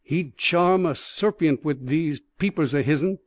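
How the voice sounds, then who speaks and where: A man voicing a rough, good-hearted ex-circus man in a rustic Cockney-mixed dialect, drawling and blunt. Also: on the high side, measured pace, dry recording. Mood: confiding. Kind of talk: audiobook character voice.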